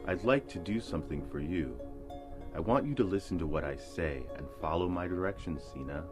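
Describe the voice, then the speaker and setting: A man voicing a gentle old enchanted eel. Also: deep voice, lightly acted. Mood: tender. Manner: slow, soft and kindly. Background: music.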